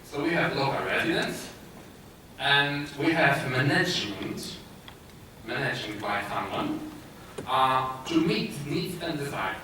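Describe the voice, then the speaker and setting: A man's voice: mid-range voice, slow, pushed and bright. Polish-accented man in an echoey hall. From Poland. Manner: hesitant, many filler sounds and restarts. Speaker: conference speaker. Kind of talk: conference presentation. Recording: echoey hall, distant mic, noisy.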